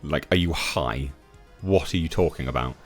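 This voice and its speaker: A man with a very low voice runs a scoffing commentary vlog, breaking off often with filler sounds. Soft music plays faintly underneath. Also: normal speed, breathy edge. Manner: mocking, scoffing, frequent uh fillers. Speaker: YouTube commentator.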